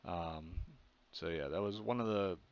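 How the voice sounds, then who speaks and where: A man's voice: sits low, measured pace. A man from Pennsylvania casually tells a childhood story in a rambling way, full of fillers. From Pennsylvania, USA. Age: adult. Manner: rambling, filler-heavy, laughs at his own story. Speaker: comic artist vlogger. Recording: slightly dull, muffled audio.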